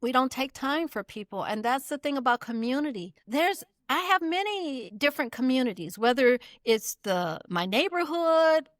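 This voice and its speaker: A woman's voice: sits high, expressive, normal speed, few pauses, no echo, studio quality. A middle-aged woman talking earnestly as a guest, stressing her points and repeating them. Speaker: guest, community builder. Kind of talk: casual conversation.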